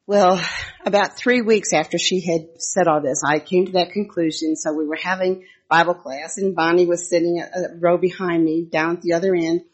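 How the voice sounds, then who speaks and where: An older woman giving a conversational devotional talk, telling personal church stories and reading Bible verses in a husky voice. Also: fairly low pitch, fairly even intonation, moderate pace. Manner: homely storytelling with Bible readings.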